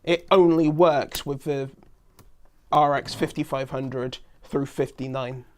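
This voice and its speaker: A man's voice: mid-range voice, steady tone, slow pace, a little mellow. A man co-hosting a casual tech chat, reading out hardware specs and correcting himself as he goes. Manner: reads out specs, self-corrects. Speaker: co-host.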